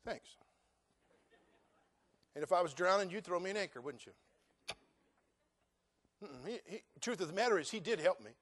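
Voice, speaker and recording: A middle-aged male pastor preaching a sermon, folksy and joking, acting out dialogue and rising to loud, fervent passages. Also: high voice, moderate pace, pauses often. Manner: animated preaching, acts out dialogue, rises to loud fervent climaxes.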